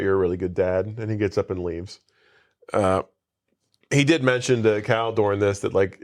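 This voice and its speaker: A man casually retelling a movie plot on a podcast, rambling with many asides and quoted lines. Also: lowish voice. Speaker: podcast co-host. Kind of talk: casual movie recap chat.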